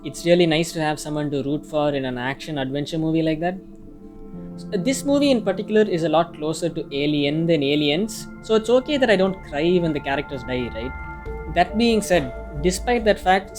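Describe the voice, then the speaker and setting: A man's voice: on the high side, lively intonation, fairly quick. A man reading a casual, opinionated film review, now and then swearing mildly. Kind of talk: scripted review narration. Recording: music playing faintly behind.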